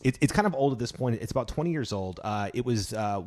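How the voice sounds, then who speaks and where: A man's voice: medium pitch, expressive, fast talker, a little mellow. Profane, joking young man chatting casually. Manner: loose, profane, joking, full of restarts. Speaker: podcast co-host. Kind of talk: casual chat.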